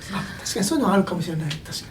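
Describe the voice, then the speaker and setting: Woman, co-host, casual chat, rapid speech, noisy background. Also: lowish voice, expressive. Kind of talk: casual conversation.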